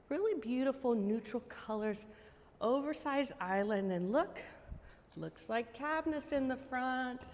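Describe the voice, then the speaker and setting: A woman's voice: a little high, a little mellow, long reverb tail, slight background noise. A woman real estate agent giving a casual walking tour of a house, chatty and enthusiastic as she points out features. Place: outdoors then inside a large house.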